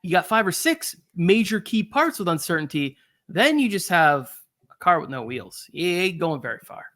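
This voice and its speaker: A man co-hosting a podcast in casual sports chat, acting out quotes with animated delivery. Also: high voice, moderate pace. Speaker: podcast co-host.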